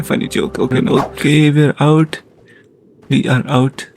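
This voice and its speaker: A man giving casual let's-play commentary on his gaming channel, excitable and jokey, often panicking at what happens on screen. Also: mid-range voice, moderate pace, vocal fry, soft background music.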